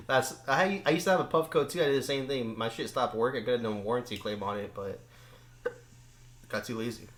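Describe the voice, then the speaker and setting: A man's voice: medium pitch, a little fast. A young man, a podcast guest, telling stories in laid-back casual chat, swearing freely. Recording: roomy echo.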